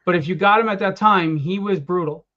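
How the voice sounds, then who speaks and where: High-voiced man telling animated stories. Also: a little fast. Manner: animated storyteller acting out quotes. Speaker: comic book writer. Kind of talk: casual storytelling. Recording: dull lo-fi sound.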